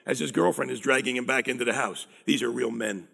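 A middle-aged man preaching a sermon, animated and drawing call-and-response from the congregation. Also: medium pitch, fairly quick, creaky. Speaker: pastor.

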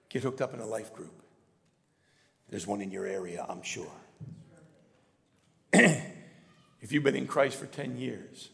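A man preaching a sermon as pastor, asking the congregation for call-and-response and swinging from low murmurs up to shouts. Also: vocal fry, in a large hall.

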